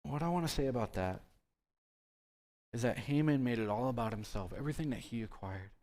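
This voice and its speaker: A man's voice: mid-range voice, lively intonation, brisk, darkish tone. Brief: male youth pastor, casual sermon voice, presses the listeners with questions. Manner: conversational, many rhetorical questions.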